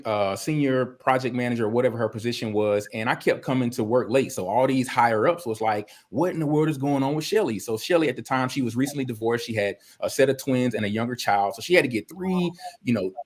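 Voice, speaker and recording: A man guest in an interview, telling stories in a relaxed, informal way with casual grammar. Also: medium pitch, brisk, few pauses. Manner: relaxed storyteller, many restarts and fillers, informal grammar. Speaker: guest, video producer.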